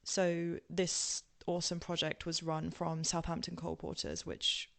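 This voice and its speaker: A woman's voice: fairly low pitch, monotone, measured pace, creaky, a bit bright. A young English woman with a posh southern English accent, telling her story casually with many ums, tangents and laughs. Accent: southern English, now posh-sounding. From England. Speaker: podcast guest.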